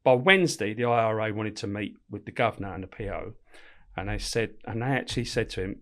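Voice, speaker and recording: A middle-aged man telling stories in a podcast interview, animated, swearing freely and laughing as he talks. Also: on the low side, fast talker. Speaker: guest, former prison officer. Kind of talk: casual storytelling in a podcast interview.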